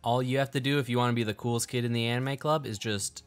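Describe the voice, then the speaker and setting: A man's voice: medium pitch, fairly even intonation, quick pace, clean tone, soft background music. A man hosting a podcast, chatting casually, laughing and plugging the show. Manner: laid-back, laughing, plugs the show. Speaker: podcast host.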